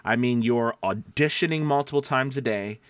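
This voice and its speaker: A man's voice: medium pitch, moderate pace, no room sound, studio quality. Nasal-voiced man giving advice. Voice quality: somewhat nasal. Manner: conversational, restarts, asks viewers questions. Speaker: voice-over coach. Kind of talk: casual advice talk to camera.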